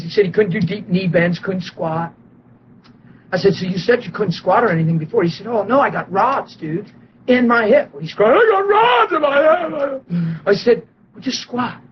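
A man preaching and telling a story, animated and excitable, acting out quotes and laughing often. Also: sits high, lo-fi sound, a little hiss or hum. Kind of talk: sermon storytelling.

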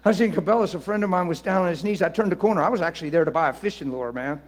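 A man preaching in an animated storytelling style, laughing and swinging between loud bursts and hushed asides. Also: sits high, racing. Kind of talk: storytelling sermon.

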